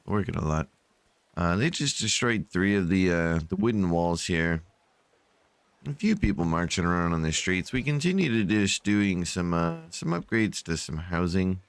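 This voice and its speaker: Man, very deep voice, smooth and clear, dry close sound, sleepy rambling game commentary. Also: lively intonation, normal speed, no echo. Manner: rambling and tired, frequent yawns and fillers. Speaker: gameplay channel host. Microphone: desk microphone.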